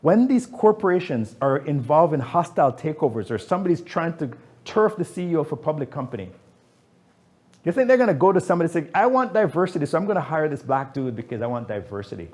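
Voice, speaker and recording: A man's voice: a little high, sing-song, quick pace, a little mellow. A man, a business founder speaking as guest at a fireside chat, telling stories emphatically and acting out quotes.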